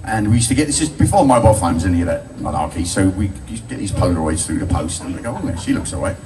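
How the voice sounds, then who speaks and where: An older man, telling stand-up stories. His talk is crude and cheeky, and he laughs at his own jokes. He sounds far from the mic, with a loud bar crowd around him. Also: low voice, expressive, fast. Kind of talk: live stand-up storytelling.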